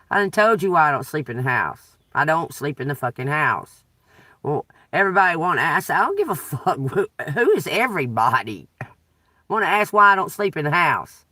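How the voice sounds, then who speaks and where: A woman's voice: deep voice, big pitch swings, normal speed, bright, forceful tone, dry recording. A woman ranting in a profane, agitated way, recorded a little away from the mic in a dry car. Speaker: tarot reader. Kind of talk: unscripted venting vlog.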